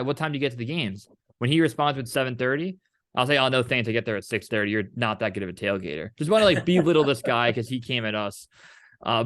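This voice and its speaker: A man's voice: mid-range voice, dry recording, studio quality. A young man co-hosting a casual chat, telling stories with animation and acting out the back-and-forth he describes. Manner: animated storyteller, acts out quoted exchanges; casual, swears freely. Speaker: co-host.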